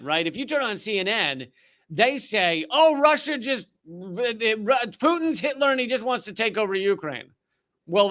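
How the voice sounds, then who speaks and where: A man's voice: high-pitched, sharp tone. A man hosting a political comedy commentary, reading a document aloud and breaking off with sardonic asides. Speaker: host.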